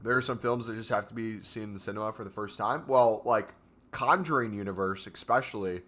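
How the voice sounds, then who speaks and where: A man's voice: fairly low pitch, a little fast, bright, forceful tone. A young man chatting casually on a gaming stream, rambling through stories with lots of fillers. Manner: rambling, filler-heavy storytelling.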